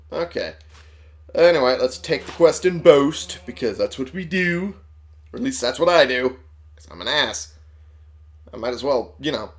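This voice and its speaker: A man giving casual let's play commentary, sarcastic and swearing as he talks back to game characters. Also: mid-range voice. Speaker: gamer playing on a channel.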